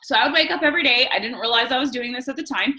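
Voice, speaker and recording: A woman in her thirties tells her team a personal story and coaches them. Her voice sits fairly high and sounds bright and forceful. She talks candidly and emphatically, with lots of fillers. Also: rapid-fire, poor audio. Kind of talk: personal story and motivational talk.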